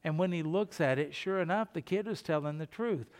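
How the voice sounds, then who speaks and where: A man preaching a sermon as pastor, earnest and urging, with sudden loud emphasis. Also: fairly high pitch, fairly quick, in a large hall.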